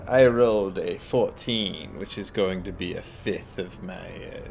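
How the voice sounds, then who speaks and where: A man's voice: low voice, measured pace, vocal fry, darkish tone, soft background music. A man speaking as a player in a tabletop horror game, thinking aloud and asking questions. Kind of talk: casual tabletop game talk.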